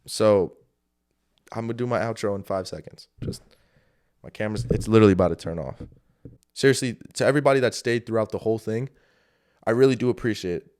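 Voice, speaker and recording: A man's voice: on the low side, quick pace, long pauses, a little mellow. A man hosting a solo podcast, giving loose, rambling motivational talk full of swearing and fillers. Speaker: podcast host. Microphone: camera setup.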